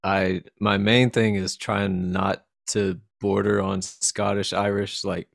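Male podcast host, low gravelly voice, dry close sound. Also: level tone, slow, no room sound. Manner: laughs often, easygoing. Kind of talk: casual podcast chat.

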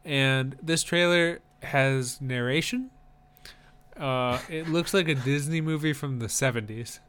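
A man's voice: mid-range voice, a little slow, a bit bright, smooth. A man co-hosting a podcast in casual chat, with dry, wry humor. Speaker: podcast co-host.

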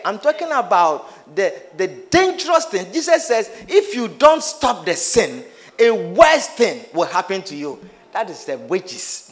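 High-voiced, animated preacher man. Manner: animated, calls out to the congregation with questions and teasing. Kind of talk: sermon.

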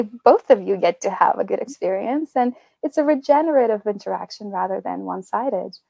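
A woman's voice: medium pitch, gravelly, mellow, no room sound, rough recording. A woman co-hosting a podcast, talking in a candid, reflective way and laughing lightly between thoughts. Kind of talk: casual podcast conversation.

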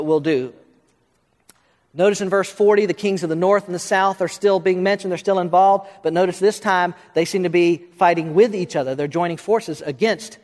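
Male preacher, high voice, long hall reverb, quick and restarting sermon delivery. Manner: talks quickly, restarts and fills in with uh, rising to questions. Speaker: pastor.

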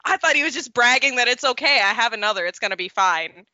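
A woman's voice: on the high side, lively intonation, fast talker, pushed and bright, dry recording. A young woman, a guest on a podcast, chatting and telling stories with self-deprecating humor. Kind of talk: casual podcast chat. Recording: slightly dull lo-fi audio.

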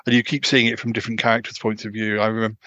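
A man with a fairly low voice hosts a casual podcast chat, stopping and restarting his sentences often. The sound is dull and lo-fi. The room is dry, with the mic close. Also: monotone, bright, forceful tone, no room sound. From United Kingdom. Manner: halting, many restarts and fillers. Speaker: podcast host.

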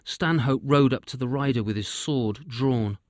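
Man reading a storybook, steady and dry. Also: medium pitch, a little slow, no room sound. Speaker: narrator.

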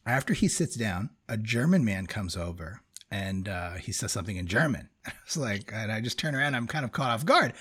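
A man in his forties telling a story in casual conversation, animated and laughing often between phrases. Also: lowish voice, brisk, slightly rough.

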